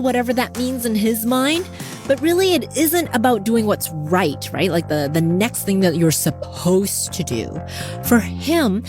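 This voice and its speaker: A woman hosting a podcast interview, lively and laughing often as she wraps up and speaks to listeners. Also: fairly high pitch. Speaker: podcast host. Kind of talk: casual interview chat.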